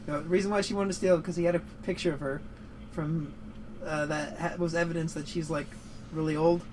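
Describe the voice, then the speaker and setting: A man's voice: on the high side, steady tone, quick pace, darkish tone, a little hiss or hum, rough recording. A young man chatting casually as a podcast co-host, rambling, swearing and laughing often while he games. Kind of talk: casual gaming chat.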